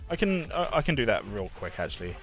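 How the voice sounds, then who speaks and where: A man's voice: fairly low pitch, big pitch swings, quick pace, fairly bright tone, soft background music. A man hosting a casual game development livestream, talking in rambling bursts with lots of restarts. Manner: rambling, many restarts, easy laughter.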